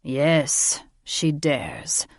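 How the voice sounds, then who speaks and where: A large, protective old dragon grandfather, voiced by a woman speaks slowly and calmly with a wry edge. His voice is a touch low and sits close and dry. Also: dry recording, exaggerated voice.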